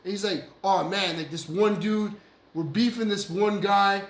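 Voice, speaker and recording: In a roomy, echoing recording, a high-pitched man speaks at a measured pace as he co-hosts a casual show. He spins a story for his friends, full of laughter and swearing, voicing the lines of the people involved.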